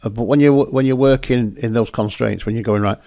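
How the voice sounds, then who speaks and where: A man's voice: medium pitch, steady tone, brisk, vocal fry, mellow, dry recording. A man hosting, chatting casually and rambling as he talks through his photos. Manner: rambling, self-correcting, chatty. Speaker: photographer and host. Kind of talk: casual commentary over photos.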